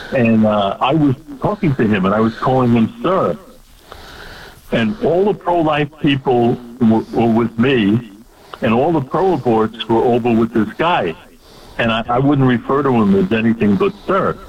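A man telling a story in casual chat with a plain, chatty delivery. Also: medium pitch. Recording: dull lo-fi sound.

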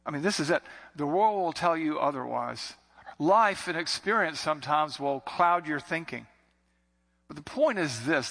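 A man's voice: medium pitch, gravelly, sharp tone. A man preaching a sermon in an earnest, conversational way, circling back to repeated phrases. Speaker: pastor. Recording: long hall reverb.

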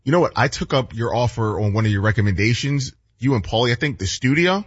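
A man on a radio show, casually telling a story in a relaxed way. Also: medium pitch, quick pace, slightly rough, no room sound, dull audio.

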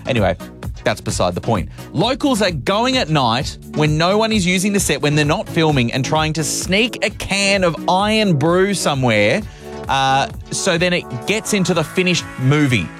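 A man's voice: on the high side, very animated, normal speed, fairly bright tone, soft background music. A male radio host chatting playfully to drive-time listeners. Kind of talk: casual radio chat.

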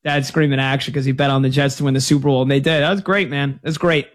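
A man hosting a sports talk radio show, chatting about games and taking calls in a casual, lively way. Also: mid-range voice, fast. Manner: conversational, lively storytelling.

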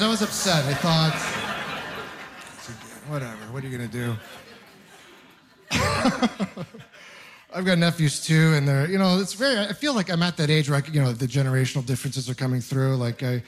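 A man in his thirties from Ontario doing a stand-up comedy set, telling stories in an animated way and jumping into higher voices when he quotes people. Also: quick pace. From Canada, Ontario. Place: comedy club stage.

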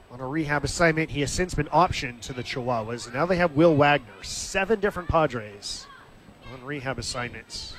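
A man calling a baseball game live, in a steady and conversational manner. His voice sits a little higher than most men's and rises briefly when the action comes. Faint outdoor ambience hums behind him. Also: a little hiss or hum. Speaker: play-by-play announcer. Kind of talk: live baseball radio commentary.

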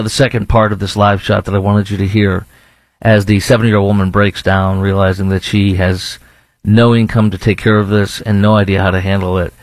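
Man, Texan accent, low voice, casual rambling commentary, dry close sound. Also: no echo. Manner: rambling, with many restarts and fillers. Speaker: show host.

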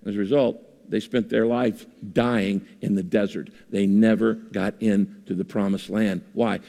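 A man's voice: on the low side, unhurried, gravelly. Man preaching in a big reverberant hall. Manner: lively preaching with rhetorical questions. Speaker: pastor. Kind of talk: sermon.

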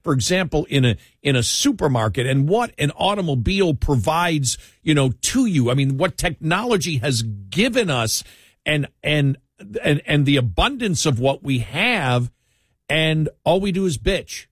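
A man's voice: a little high, big pitch swings, normal speed, no echo, clean studio sound. A man in casual conversation, musing reflectively with frequent restarts and trailing phrases. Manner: rambling, reflective, with many restarts. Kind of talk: casual chat.

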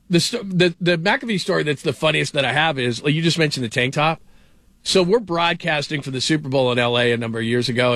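A man's voice: mid-range voice, a bit bright, dry recording. Middle-aged guy on sports radio, rambly, lots of "like", dry close sound. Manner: rambling storyteller, many "like" fillers. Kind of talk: casual sports talk.

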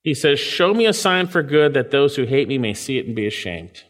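Male pastor, mid-pitched, preaching in a big echoing hall, rises high on key lines. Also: a little fast, few pauses. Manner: expository preaching, reading scripture aloud and explaining it; lively, rises in pitch for emphasis. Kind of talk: sermon. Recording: reverberant hall.

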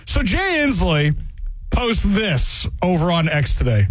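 A man hosting a talk radio show, sarcastic and animated, repeating phrases for emphasis into a studio mic. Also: high-pitched, slow, no echo, poor audio.

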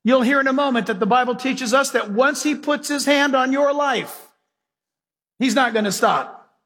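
A man preaching a sermon as pastor, animated and folksy, acting out scenes for the congregation. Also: very high voice, moderate pace. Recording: hall reverb.

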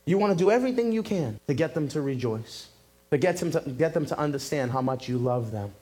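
A male pastor preaching a sermon, telling a story with lively acted-out quotes. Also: on the high side, a little fast, husky. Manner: animated storytelling, acting out quotes. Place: church in Massachusetts.

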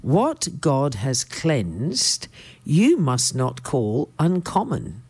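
A woman preacher voicing God as a calm, patient commanding voice. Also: extremely low pitch, husky, no room sound, exaggerated voice. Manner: slow, measured commands.

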